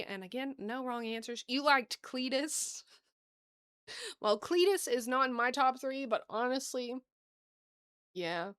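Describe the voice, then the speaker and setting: Woman, Southern US accent, chatty card-opening host, gushing, slightly high voice. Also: a bit bright, smooth, dry recording, clean studio sound. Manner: bubbly, gasping and gushing over cute cards; chatty, thinking aloud with small laughs. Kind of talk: casual chat to viewers.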